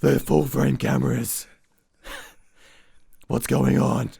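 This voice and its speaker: Man doing a gravelly growling Batman voice. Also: mid-range voice, little pitch movement, slow pace, dark tone, dry recording, exaggerated voice. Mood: gruff. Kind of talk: comic impression in a casual chat.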